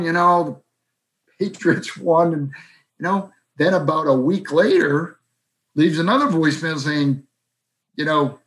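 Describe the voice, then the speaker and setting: Middle-aged guy telling stories, a bit higher voice, jumps up high when he acts out what his buddies said. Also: unhurried. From South Boston, USA. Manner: animated, acts out quoted friends in raised voices. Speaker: guest. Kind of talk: conversational storytelling.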